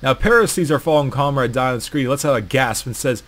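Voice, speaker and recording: Guy narrating a funny gaming story, swears a lot, sarcastic, middle pitched voice. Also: expressive, fairly quick, a bit bright. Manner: crude, profane and sarcastic. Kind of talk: comedic story narration about an online game.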